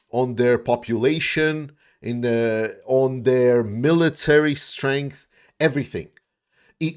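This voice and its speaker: A man's voice: medium pitch, a little mellow. A man giving casual commentary and answering viewer questions, speaking bluntly with many restarts, fillers and some swearing. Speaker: YouTube war commentator.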